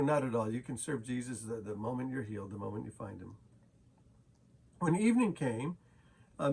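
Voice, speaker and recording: A man's voice: medium pitch, gravelly, husky. A man teaching a daily Bible chapter as a pastor, casual and conversational, with frequent fillers and restarts.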